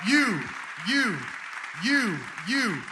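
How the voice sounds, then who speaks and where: A man acting out a medieval rebel leader rallying his troops in a loud battle speech. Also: very high-pitched, very animated, extremely slow, reverberant, a crowd in the background, background noise, pitched above the performer's own voice, exaggerated voice. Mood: rousing. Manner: rousing, shouted battle speech.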